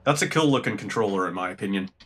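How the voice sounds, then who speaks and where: A man's voice: fairly low pitch, animated, fast, a bit bright, slightly rough. A young man with a Northern Irish accent chatting casually and rambling while he streams a game, swearing now and then. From Northern Ireland. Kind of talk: casual gameplay chat.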